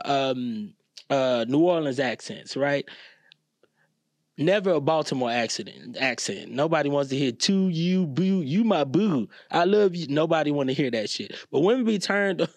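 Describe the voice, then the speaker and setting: A man riffs crudely through a casual podcast monologue. He talks in a joking, animated way and leaps up in pitch to stress a point. The sound is close and dry, with no room around it. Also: no room sound. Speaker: podcast host.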